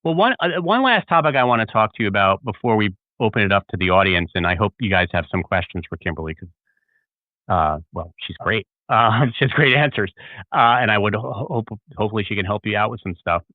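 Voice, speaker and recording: A man hosting a talk show chats in an easygoing way, his voice on the low side. His sound is thin and phone-like. It is also dry, with no room echo. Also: expressive, a little fast. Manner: easygoing, reacts with short interjections. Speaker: podcast host. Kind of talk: casual interview chat.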